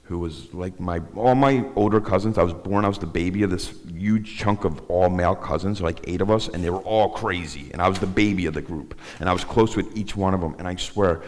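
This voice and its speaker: Man, middle-aged, very deep voice, rambling halting testimony, synagogue talk, long hall reverb. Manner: rambling, halting, with many restarts. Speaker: guest speaker. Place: synagogue sanctuary.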